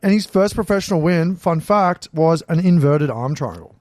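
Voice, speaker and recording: A man's voice: on the high side, expressive, moderate pace, a little mellow, no echo. An Australian man co-hosting a podcast, chatting casually in a teasing way, swearing and laughing often. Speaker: podcast co-host. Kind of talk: casual chat. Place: small studio.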